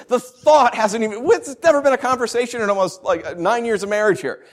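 A man's voice: sits high, a little fast, few pauses. A man in his thirties preaching a sermon in a conversational way, with self-mocking asides and emphatic rises. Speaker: pastor.

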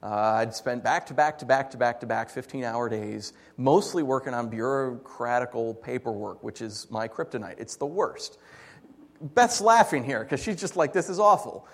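A man preaching a sermon as pastor, animated and jokey, swinging between loud bursts and hushed asides. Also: medium pitch, normal speed, long reverb tail.

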